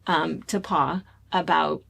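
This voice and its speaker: A woman from the United States co-hosting a casual chat show, telling stories in an animated, chatty way. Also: low-pitched, slow, gravelly, slightly rough. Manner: chatty, animated storytelling with laughs. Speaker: co-host.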